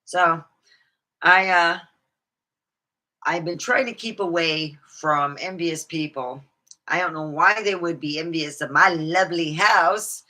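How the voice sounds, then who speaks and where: A woman's voice: fairly low pitch, slow pace, sharp tone. A woman talking alone in her room in a rambling, swearing vlog monologue, laughing at her own jokes. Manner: rambling, swearing, jumps between topics. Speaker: vlogger.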